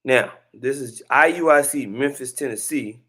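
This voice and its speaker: A man's voice: medium pitch, moderate pace, a bit bright. A man hosting a casual religious commentary, chatty and preachy, with chuckling asides between clips.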